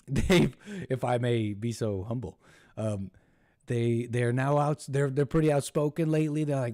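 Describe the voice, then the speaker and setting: A man's voice: medium pitch, expressive, a little mellow, no room sound, clean studio sound. A man hosting a live call-in show, talking in a rambling, mocking monologue full of restarts and put-on voices for the people he quotes. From United States. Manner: mocking, puts on voices when quoting others; halting, with many restarts and laughs.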